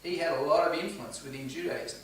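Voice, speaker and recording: A man's voice: fairly high pitch, a little fast, slight background noise. A man leading a home church Bible study, earnest and questioning the group as he teaches. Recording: echoey room, distant mic, faint ambience.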